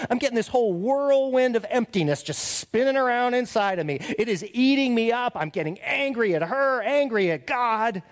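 A middle-aged male pastor delivering a sermon with a high, bright voice that swings widely in pitch. He preaches in a confessional, emphatic way, leaning on rhetorical tags and sinking to hushed earnestness when praying. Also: expressive, normal speed, few pauses. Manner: drops to quiet, earnest prayer voice.

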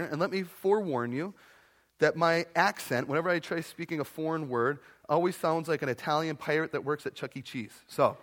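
A young adult man preaching a sermon to a church congregation in a conversational, animated way, dropping into playful voices. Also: a little high. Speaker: pastor.

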